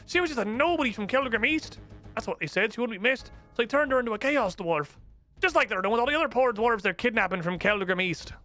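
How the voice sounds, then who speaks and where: A man's voice: extremely high pitch, animated, fast talker, bright, forceful tone, faint music behind, pitched above the performer's own voice, full character voice. A man voicing a blunt, worldly male dwarf ally in a fantasy game, in a matter-of-fact tone. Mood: grim.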